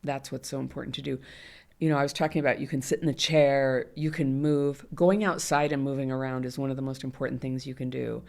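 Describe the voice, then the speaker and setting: A woman's voice: rumbling low, fairly even intonation, brisk, gravelly, a little mellow. A middle-aged woman, a guest in an interview, talking candidly and animatedly, often laughing. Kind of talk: conversational interview.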